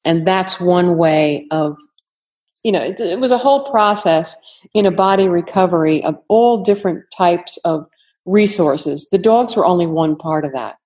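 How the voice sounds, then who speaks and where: Retired agent, woman, New York accent, lower pitch, measured and thoughtful. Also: a little mellow. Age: older. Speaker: retired FBI agent, guest. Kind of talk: interview answers.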